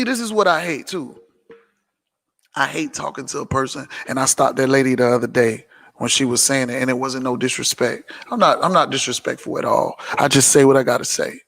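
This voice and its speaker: A man giving an emphatic, preachy motivational business talk on a livestream, repeating phrases and sometimes shouting. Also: mid-range voice, a little fast, gravelly, long reverb tail. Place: indoor room filming himself on several cameras.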